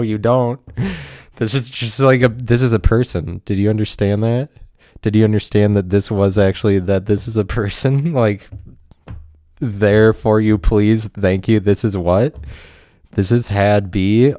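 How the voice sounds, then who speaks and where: Rambling self-mocking man, dark smooth voice. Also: lowish voice, steady tone, normal speed, no room sound, studio quality. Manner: swears a lot. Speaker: podcast host. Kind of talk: rambling solo podcast monologue.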